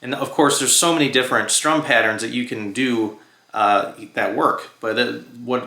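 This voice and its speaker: A man's voice: mid-range voice, normal speed, creaky. Chatty male guitar teacher in a roomy space. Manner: relaxed, chatty, sings and hums rhythms while playing. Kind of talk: casual guitar lesson. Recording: roomy sound with loud guitar playing. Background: his own electric guitar.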